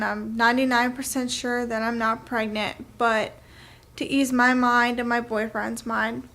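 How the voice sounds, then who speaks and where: A woman's voice: fairly high pitch, a bit bright. A young woman telling a personal story to camera in a chatty, casual way, full of "like" and "um". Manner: chatty, filler-heavy with frequent "like" and "um". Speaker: vlogger.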